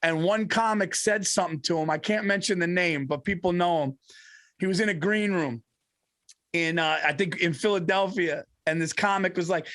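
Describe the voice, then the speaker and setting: Male podcast co-host, animated storyteller, high pitch, dry sound, lots of laughter. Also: normal speed, no echo. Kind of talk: casual comedic chat.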